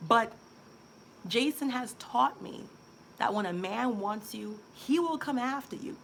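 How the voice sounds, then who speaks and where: New woman, 30s, relationship coach, candid chatty vlog talk, fairly high voice, faint room noise. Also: lively intonation, measured pace, gravelly, a bit bright. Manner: candid, chatty storytelling with quoted asides. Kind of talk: casual vlog monologue.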